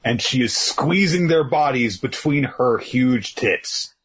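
Slow, husky-voiced man chatting. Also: medium pitch, expressive, a bit bright. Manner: laid-back, rambling with many fillers and chuckles. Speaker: podcast co-host. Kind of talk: casual podcast recap chat.

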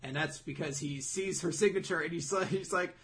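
A man's voice: on the high side, a little fast, a bit bright, slight background noise. A young man co-hosting a casual manga recap podcast, swearing freely and acting out characters' lines as he summarizes. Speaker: podcast co-host.

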